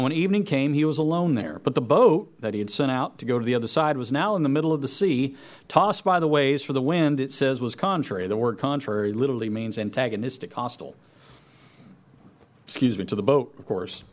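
A man preaching a sermon, reading scripture aloud and repeating key phrases for emphasis. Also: a little high. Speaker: pastor.

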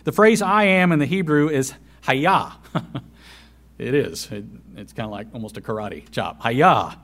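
Man preaching with dramatic loud-soft swings. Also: medium pitch, animated, normal speed. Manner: dramatic swings between loud and soft, repeats key phrases. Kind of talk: sermon.

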